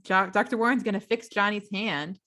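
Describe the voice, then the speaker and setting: A woman co-hosting a book club podcast, chatting casually and retelling the plot with quick asides and frequent laughter. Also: mid-range voice, bright, forceful tone. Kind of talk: casual chat.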